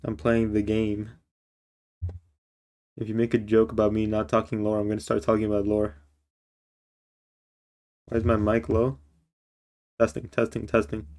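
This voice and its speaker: Man, low voice, flat delivery, game streamer, teasing banter, slow measured narration. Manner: teasing, joking banter with a friend on voice chat. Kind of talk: playful live-stream gameplay chat and game-text narration.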